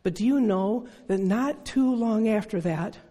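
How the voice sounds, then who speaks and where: Older preacher, dark mellow voice, husky edge, earnest sermon, rhetorical questions, long hall reverb. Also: medium pitch, measured pace.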